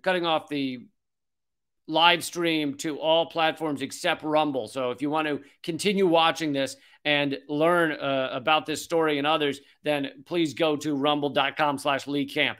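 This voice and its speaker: A man's voice: on the high side, fairly bright tone. A man in his forties hosting a political commentary show, reading an article aloud and breaking off into sarcastic, profane rants.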